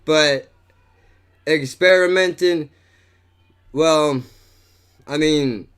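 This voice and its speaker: A man hosting a podcast, telling a story in a casual, animated, profane way and saying "dude" and "bro" a lot. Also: a little high, extremely slow, clean tone. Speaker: podcast host.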